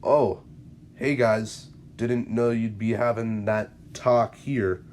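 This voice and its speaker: A man's voice: on the low side, steady tone, slow, darkish tone, a little hiss or hum. A man reading the lines of a goofy, laid-back male sidekick in a fan-written story. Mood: offhand.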